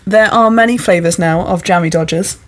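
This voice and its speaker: A woman with a slightly low voice hosts a relaxed podcast quiz. She is chatty and upbeat, and she laughs easily between questions. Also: brisk. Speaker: podcast host. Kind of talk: casual chat quiz.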